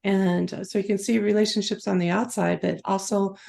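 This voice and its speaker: A woman's voice: mid-range voice, fairly even intonation, a little fast, creaky, darkish tone. A woman guest on a podcast, talking casually and rambling with many restarts. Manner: rambling, restarts and spiritual talk. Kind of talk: casual conversational interview.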